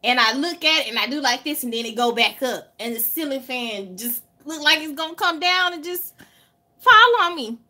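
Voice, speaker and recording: A woman with a Southern accent from Alabama vlogs a story to her viewers in a high voice at normal speed. Animated throughout, she stretches words for stress and swears liberally.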